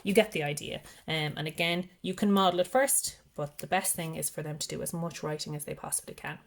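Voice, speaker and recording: A woman's voice: sits low, steady tone. Patient woman sounding out words. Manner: patient, explains step by step, sounds out letters slowly. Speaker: teacher showing parents a literacy activity. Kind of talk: instructional demonstration.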